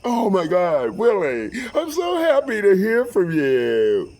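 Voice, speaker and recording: A man's voice: on the high side, huge pitch swings, moderate pace, darkish tone, pitched above the performer's own voice. A man doing a gushing older father.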